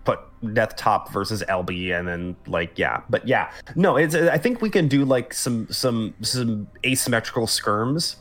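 A man's voice: fairly low pitch, lively intonation, measured pace, few pauses, fairly bright tone. A man hosting a casual gaming podcast who talks loosely, with fillers and casual swearing, on a home podcast mic. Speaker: podcast host. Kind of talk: casual chat.

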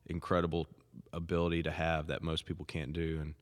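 Deep flat-voiced man, reflective. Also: big-room sound. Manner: reflective, halting. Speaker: podcast co-host. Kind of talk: casual chat.

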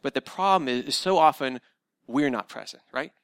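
A man's voice: medium pitch, animated, moderate pace, a bit bright, smooth, no echo. A man preaching a sermon as pastor, earnest and coaching, often restarting with repeated words. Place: church sanctuary.

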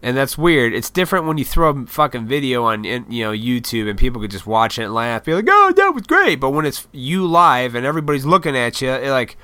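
Man, 30s, casual vlog, rambling, swears freely, crisp smooth voice, dry close sound. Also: medium pitch, fast, hardly any pauses, bright, forceful tone, no room sound. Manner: rambling, profane, laid-back, self-deprecating. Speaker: YouTuber.

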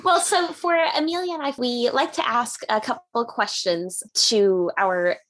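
A woman co-hosting a podcast, earnest and a bit halting as she talks. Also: a little high, a bit bright. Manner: earnest, hesitant restarts. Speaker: podcast co-host. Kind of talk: casual podcast chat.

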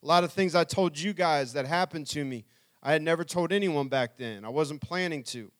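A man's voice: on the high side, fairly quick, a bit bright. A middle-aged man telling his life story to an audience as a speaker, earnestly acting out what people said. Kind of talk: personal testimony talk.

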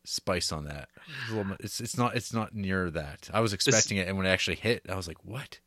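A man co-hosting a casual chat, teasing dryly with halting restarts. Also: deep voice, sharp tone, no room sound. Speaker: podcast co-host.

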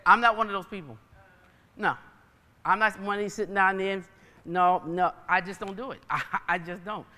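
A woman's voice: medium pitch, normal speed, sharp tone, in a large hall. A woman preacher giving a sermon with personal testimony, emphatic and folksy in her storytelling.

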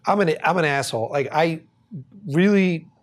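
Speaking at normal speed in a voice on the high side, a male podcast host spins a story full of swearing and frequent laughter, keeping it lively and casual.

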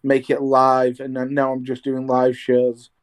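A man's voice: medium pitch, completely flat delivery, a little slow, clean tone. A young man chatting casually over a video call from his half-decorated bedroom, rambling with restarts about training as a radio presenter. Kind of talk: casual chat. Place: home bedroom being decorated.

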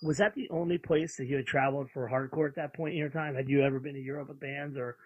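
A man's voice: mid-range voice, fairly even intonation, quick pace, no room sound, narrow, tinny audio. A man interviewing a guest, asking direct, probing questions.

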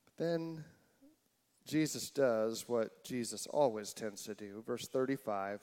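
A man preaching a sermon, retelling a story with incredulous asides and swinging from loud exclamations to hushed lines. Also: mid-range voice, a little slow. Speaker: pastor.

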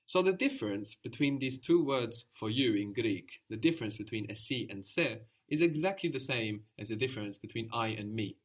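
A man's voice: medium pitch, lively intonation, normal speed, few pauses. A man teaching a language lesson, explaining step by step and repeating the learner's answers patiently.

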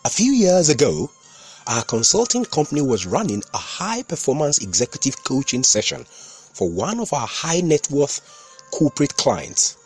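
A man narrates his podcast in an instructive, storytelling way. His slightly husky voice moves up and down a great deal in pitch, with faint music underneath. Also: very animated, moderate pace. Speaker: podcast host and communication consultant.

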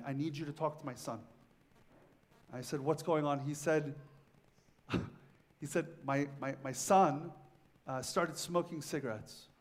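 A middle-aged man, a priest, giving a conversational sermon and telling stories with shifting emphasis. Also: fairly high pitch. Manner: conversational, storytelling with varied emphasis.

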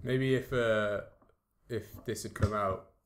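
A man's voice: on the low side, steady tone, slow, slight background noise. A man talking casually about films, blunt and profane. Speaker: podcast co-host. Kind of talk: casual film discussion.

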